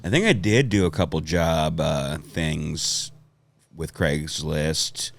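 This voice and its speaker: In a rumbling, gravelly low voice, a man takes his time spinning long, rambling tales full of swearing. He's a comedian guest in a relaxed podcast conversation and laughs often along the way.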